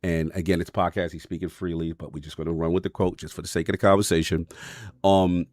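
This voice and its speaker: A man's voice: low-pitched, flat delivery, fast, a little mellow, no echo, studio quality. A man hosting a casual gaming podcast, reading out quotes and laughing often with his co-hosts. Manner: reads quotes then hands off to guests, laughs often. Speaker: podcast host.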